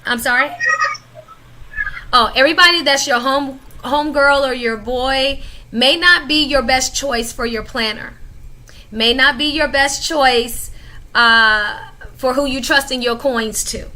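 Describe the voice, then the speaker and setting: A woman hosting a panel chat, emphatic and lively, talking casually and laughing often. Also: high-pitched, unhurried. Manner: talks in a casual conversational way. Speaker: host.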